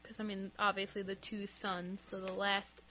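A young woman co-hosting a casual movie commentary podcast, chatty and animated, laughing often. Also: mid-range voice, moderate pace, a little hiss or hum. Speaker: podcast co-host.

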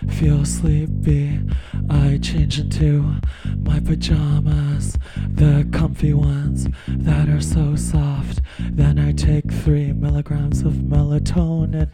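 Whispered role-play, a man putting on a fragile pop star, gravelly low murmur, slow sing-song, loud guitar behind. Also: monotone. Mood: deadpan whispery. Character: breathy whisper-singing pop star, anxious and sleepless. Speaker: comic musician.

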